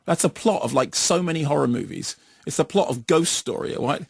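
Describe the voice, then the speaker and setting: Man, radio film critic, gravelly husky voice, emphatic, restarts sentences, dry studio sound. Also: fairly high pitch, expressive, fairly quick, no room sound. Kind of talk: radio chat. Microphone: studio microphone.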